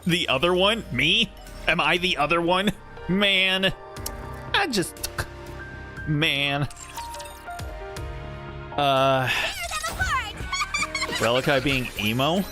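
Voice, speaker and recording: A man's voice: a little high, huge pitch swings, drawn-out words, long pauses, over music. A man giving rambling, sarcastic commentary while he streams a game, laughing often. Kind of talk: casual gameplay commentary.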